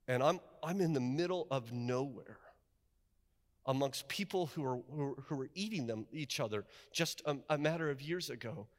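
A man preaching a sermon as a pastor, asking the congregation "right?" and swinging between loud outbursts and hushed storytelling. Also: mid-range voice, normal speed. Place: chapel. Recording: long reverb of a chapel.

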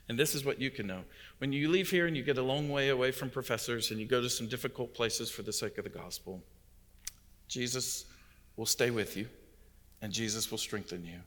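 A man's voice: mid-range voice, fairly bright tone. A man, a visiting pastor, delivering an emphatic sermon that swells and drops in intensity. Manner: emphatic preaching with rising and falling intensity. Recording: long hall reverb.

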